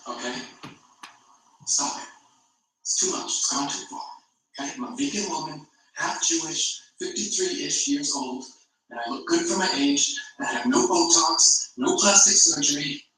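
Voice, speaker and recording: A man voicing a defensive vegan woman in her fifties, speaking quietly and pleadingly. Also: fairly high pitch, expressive, normal speed. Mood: exasperated. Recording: echoey room, far from mic.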